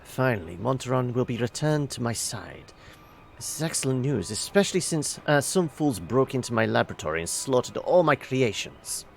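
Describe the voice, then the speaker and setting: A man's voice: medium pitch, sing-song, normal speed, creaky, slight background noise. Brief: a man reading an impatient, sneering male wizard, plain mid voice, stumbling a little over lines. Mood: sardonic.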